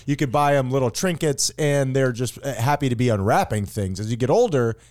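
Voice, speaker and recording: A man co-hosting a podcast in casual comedic chat, playful and mock-grandiose in his delivery. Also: fairly quick. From Florida, USA. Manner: playful, mock-grandiose, lively pitch swings. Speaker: podcast co-host.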